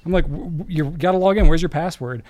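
A man's voice: a little high, dark tone, dry recording. A man co-hosting a podcast in casual chat, wry and teasing, slipping into an exasperated dad voice when quoting himself. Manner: wry, teasing, quick to laugh. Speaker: podcast co-host.

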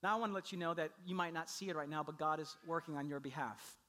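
A man preaching a sermon, telling the story with animated delivery and acting out the people he quotes. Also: a little high, fast. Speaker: pastor.

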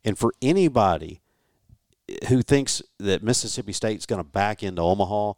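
Emphatic low-voiced male co-host. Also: lively intonation, normal speed, darkish tone, no room sound, clean studio sound. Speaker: sports talk co-host. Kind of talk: casual sports podcast chat.

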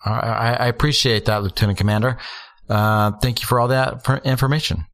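A man's voice: mid-range voice, fairly even intonation, brisk. A man in a tabletop role-play, speaking as a ship captain in a playful, loose way. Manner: bright, playful, laughs easily.

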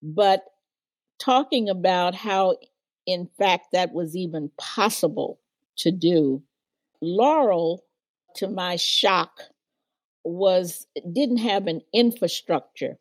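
An older woman, a former civil rights organizer, is the guest in a storytelling interview, vividly recounting her past and acting out the people she quotes. Her fairly low voice moves slowly, and the recording is dry.

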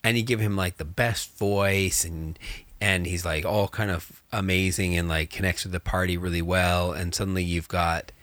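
A man chatting casually as a game master, animated and rambling, with many fillers. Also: deep voice, moderate pace, no echo. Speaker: game master, podcast co-host. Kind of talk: casual chat.

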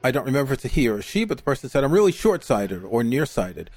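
Relaxed male podcast host, dry sound. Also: mid-range voice, fast talker, no room sound. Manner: relaxed, prompting, small restarts. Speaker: podcast host reading listener questions. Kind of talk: casual podcast chat. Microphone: video call.

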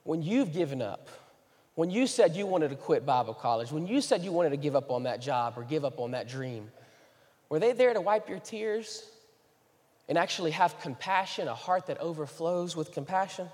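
Animated high-voiced pastor in a hall. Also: male voice, moderate pace. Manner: animated, joking then earnest and pleading. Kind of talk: sermon.

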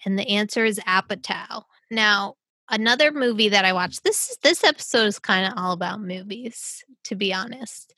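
Playful woman host, clue-reader, bright voice, dry booth sound. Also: medium pitch, normal speed, hardly any pauses, dry recording. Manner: playful, wordplay-loving. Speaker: podcast host. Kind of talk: casual chat, reading crossword clues.

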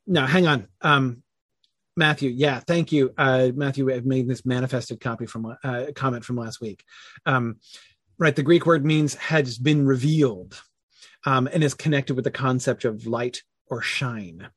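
A man's voice: mid-range voice, unhurried, slightly rough, no room sound. A man leading a casual online Bible study, thinking aloud with many fillers and self-corrections and answering chat comments.

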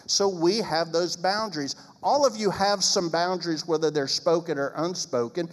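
A man's voice: sits high, moderate pace, hardly any pauses, long reverb tail. A man who is a pastor, speaking about marriage in a preaching style with emphatic, sarcastic asides.

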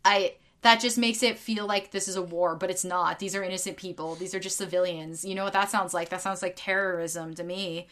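A woman's voice: fairly low pitch, steady tone, fairly quick, few pauses, a bit bright. A woman co-hosting a casual podcast, venting in heated, profane bursts full of fillers and "like". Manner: heated, swearing, frequent fillers. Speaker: podcast co-host. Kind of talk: casual ranting chat.

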